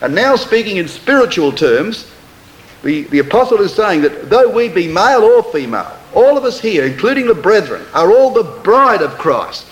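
Emphatic preacher, lively pitch. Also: male voice, roomy sound, poor audio. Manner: emphatic, slow deliberate stresses on words; reads scripture in a stately cadence. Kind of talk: sermon.

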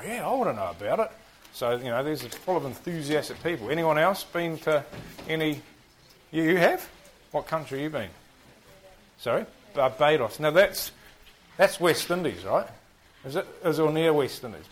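In a rough recording with slight background noise, a man whose voice is on the high side teaches a Bible class in a New Zealand accent. He's chatty and self-deprecating, quizzing the group and joking about himself.

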